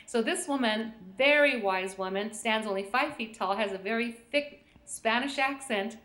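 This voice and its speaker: A woman's voice: on the high side, normal speed, fairly bright tone. Chatty middle-aged woman telling stories. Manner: chatty, storytelling, laughs often. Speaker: guest, intuition teacher. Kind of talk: casual chat on a call-in show. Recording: echoey room.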